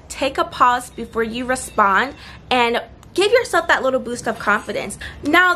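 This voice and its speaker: Bright-voiced woman giving earnest advice. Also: on the high side, slight background noise. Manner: earnest, encouraging, slows for emphasis. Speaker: vlogger giving confidence tips. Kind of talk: casual advice vlog. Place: outdoors near seagulls.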